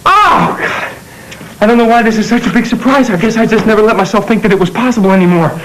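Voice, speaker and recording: A man's voice: high voice, lively intonation, fast, fairly bright tone, a little hiss or hum, rough recording. An actor playing a young husband, breathless and repeating himself in disbelief over his wife's pregnancy. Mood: overjoyed. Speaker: soap opera character.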